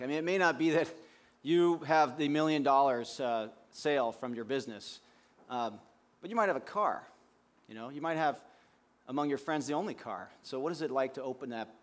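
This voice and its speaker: A man preaching a sermon as pastor, speaking conversationally with frequent restarts. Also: medium pitch.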